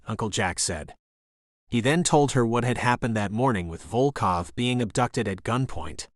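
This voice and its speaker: A man reading a thriller audiobook as narrator, in a steady storytelling voice. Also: medium pitch, moderate pace, no room sound, studio quality. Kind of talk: scripted narration.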